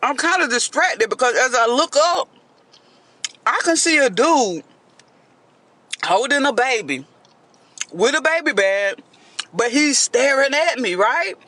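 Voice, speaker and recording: Animated woman telling a story to her listeners. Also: high-pitched, measured pace, pauses often, no room sound. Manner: animated, dramatic, keeps addressing listeners as y'all. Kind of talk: casual storytime monologue.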